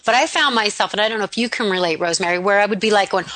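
Bright-voiced woman radio host. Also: medium pitch, racing, no room sound. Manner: warm, effusive, laughs easily. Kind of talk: casual radio talk.

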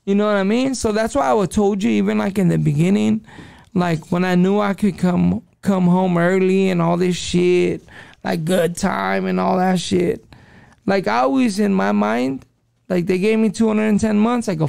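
A man's voice: high voice, fairly even intonation, normal speed, gravelly, a little mellow, clean tone, no echo. A man in his forties telling his story as a podcast guest, casual and profane, full of street slang. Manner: profane street slang, calls listener dog.

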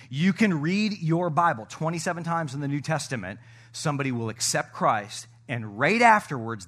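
Animated, bright-voiced male pastor preaching. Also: mid-range voice. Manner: animated, jokey, swings from loud shouting to soft asides. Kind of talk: sermon.

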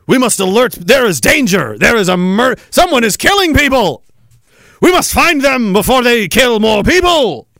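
A man's voice: extremely high pitch, sing-song, normal speed, vocal fry, fairly bright tone, dry recording, pitched above the performer's own voice, full character voice. A prim bystander gasps out stiff, overly formal alarms in a raised, strained voice, as a man puts him on in mockery. The sound is close and dry, with no room around it. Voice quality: stilted, theatrical delivery.

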